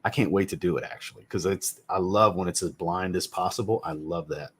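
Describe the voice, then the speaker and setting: A man's voice: sits low, brisk, fairly bright tone, slightly rough. A man in his thirties hosting a casual live chat about fragrances from home, blunt and joking, and he swears casually. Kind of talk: casual livestream chat answering viewers. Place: home room with a fragrance shelf.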